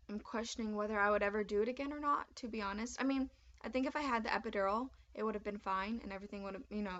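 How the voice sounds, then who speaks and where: A young woman telling a personal story straight to camera, candid and chatty, with lots of "like" and lively retold lines. Her pitch sits in the middle of the range. The home recording sounds a little dull and lo-fi. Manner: chatty, candid, animated retelling with frequent "like". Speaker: vlogger.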